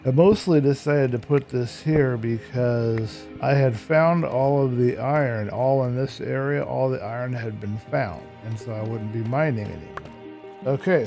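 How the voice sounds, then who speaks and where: A man talks through his Minecraft gameplay in an easygoing, slightly sleepy way, with a gravelly edge to his voice. His tone is mellow and dark, and he explains each step carefully as he builds. Light background music plays softly beneath him. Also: medium pitch. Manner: tired, yawning, explains step by step. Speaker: Minecraft YouTuber. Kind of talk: casual gameplay commentary.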